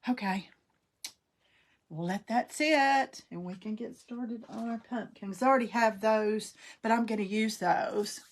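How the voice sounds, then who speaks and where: A middle-aged woman with a drawl chats through a craft livestream, her voice a little gravelly and fry-tinged. She talks in a homey, folksy way, greeting viewers by name as she works on her project. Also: mid-range voice.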